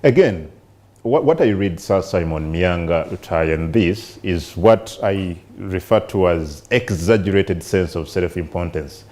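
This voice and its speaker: A Ugandan man presenting a press review, reading newspaper passages aloud in a measured way and discussing them in English and Luganda. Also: low voice, lively intonation, a little mellow.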